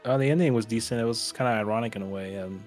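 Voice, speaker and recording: A man co-hosting a casual review podcast, talking in a hesitant, halting way. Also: lowish voice, soft background music. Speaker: podcast co-host.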